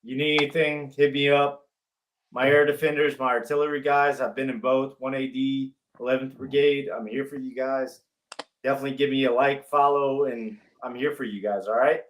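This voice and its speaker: Man, guest on a chat show, upbeat, speaks straight to the audience, mid-pitched. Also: steady tone, moderate pace. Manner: upbeat shout-out, direct to listeners. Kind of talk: casual chat.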